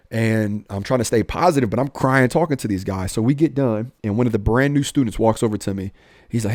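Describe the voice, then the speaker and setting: A young police officer telling his own life story, candid and animated, acting out the dialogue with street slang. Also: fairly low pitch, a little fast, dry recording, clean studio sound.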